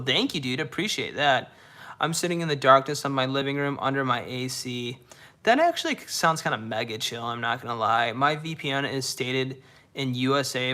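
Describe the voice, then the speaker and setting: A man's voice: mid-range voice, sharp tone. A young man casually chatting on a live stream, reading viewers' messages aloud, laid-back and slangy, often repeating his own phrases. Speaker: livestreamer reading chat. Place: dark room indoors.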